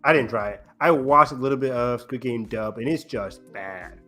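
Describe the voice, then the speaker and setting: A man co-hosts a casual movie podcast, speaking at an everyday middle pitch. He rambles through news items, pausing often on ums and restarting his sentences. Faint music sits underneath. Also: sharp tone. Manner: rambling, halting with many ums. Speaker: podcast co-host. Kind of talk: casual chat.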